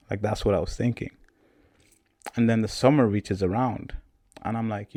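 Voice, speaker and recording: A man's voice: fairly low pitch, moderate pace, pauses often, no room sound, studio quality. A young man in his twenties, a podcast host, telling a personal story in a casual, repetitive way. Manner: casual, repetitive, animated retelling.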